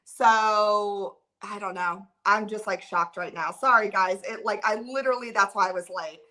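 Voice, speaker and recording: Bright, flustered woman livestreamer. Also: medium pitch, moderate pace. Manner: rambling, filler-heavy, flustered and emotional. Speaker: livestream host. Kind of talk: casual livestream chat, reading viewer comments.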